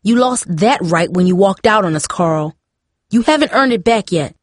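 A woman's voice: medium pitch, lively intonation, fairly quick, dry recording, clean studio sound, natural voice. A woman doing a furious hollering mother. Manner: hollering, lashing out. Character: furious mother, emergency nurse, fuming.

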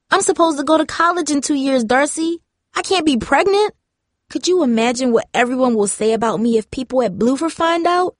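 A woman's voice: fairly high pitch, darkish tone, dry recording, studio quality, pitched above the performer's own voice, natural voice. A woman voicing a frightened teenage girl who pleads through tears, her voice breaking into sobs, in an audiobook story.

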